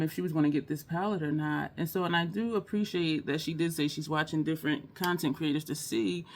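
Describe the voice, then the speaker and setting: A woman filming a casual makeup tutorial at home, chatting to viewers with frequent laughs and teary eyes. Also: fairly low pitch. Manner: chatty, laughs often, addresses viewers as y'all. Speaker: beauty vlogger.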